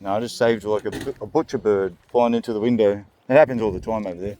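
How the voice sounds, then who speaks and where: A man's voice: lowish voice, fast, mellow, slight background noise. Australian man, young adult, crude jokes, rambling comedic vlog, frequent laughs. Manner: crude, joking, laughs often. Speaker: vlog host.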